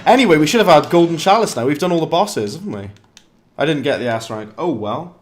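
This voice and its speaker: A British man with a slightly high voice talks his way through a live game stream, chatty and quick to call himself an idiot. His frustration flares in short exclamations, and faint game music plays underneath. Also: big pitch swings. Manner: chatty, self-mocking, quick bursts of frustration. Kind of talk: live gameplay commentary.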